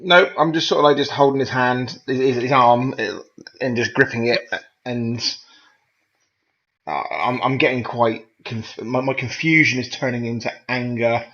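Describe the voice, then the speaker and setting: A man playing in a tabletop game, describing his character's actions in a halting way with many restarts. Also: medium pitch, fairly bright tone. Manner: halting, lots of fillers and restarts. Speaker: player. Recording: dull lo-fi sound.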